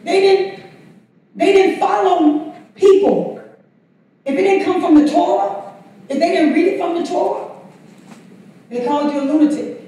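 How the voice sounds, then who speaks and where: A woman teaching a Bible study, conversational and quick to laugh, drawing responses from the congregation. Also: extremely high pitch, mellow. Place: church sanctuary. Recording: very echoey room from far off.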